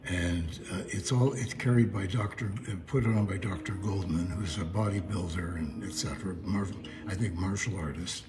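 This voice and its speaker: A man co-hosting a casual chat show, rambling and halting with lots of fillers. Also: low voice, over music. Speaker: co-host.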